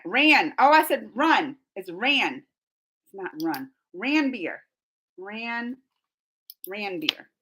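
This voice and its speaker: A woman's voice: mid-range voice, pushed and bright. A young woman hosting a casual live stream, chatting and giggling as she reads out viewer comments. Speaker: reaction channel host.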